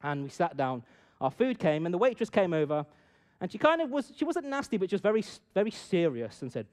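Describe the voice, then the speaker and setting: Lively man telling a story. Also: high voice, fairly quick. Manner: animated, swings from loud bursts to hushed asides. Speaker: speaker addressing an audience. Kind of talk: storytelling talk with a moral.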